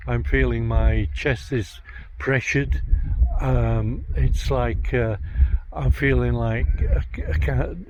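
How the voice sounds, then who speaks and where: A man working as a psychic medium, narrating a vlog outdoors in a graveyard, talking in a halting, hesitant way as he searches for words. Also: medium pitch, fairly even intonation, background noise. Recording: dull lo-fi outdoor recording.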